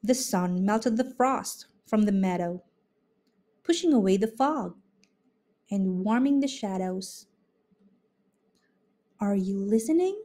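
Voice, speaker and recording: A woman reading a children's picture book aloud in an expressive, unhurried way. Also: mid-range voice. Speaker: storybook reader. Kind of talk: children's read-aloud narration.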